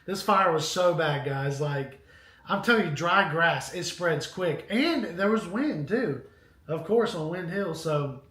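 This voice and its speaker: A man with a notably high voice tells a long, rambling story on a casual live stream. He talks animatedly and keeps turning to address his viewers. The sound carries the echo of a hard-walled room. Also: animated, a little slow, a bit bright. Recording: echoey room.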